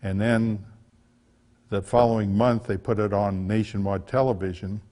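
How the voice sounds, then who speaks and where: A man's voice: fairly low pitch, fairly even intonation, moderate pace, warm tone. An older man telling a folksy, chatty story about his life as an author, with small restarts along the way. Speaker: author giving a talk. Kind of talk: casual storytelling talk.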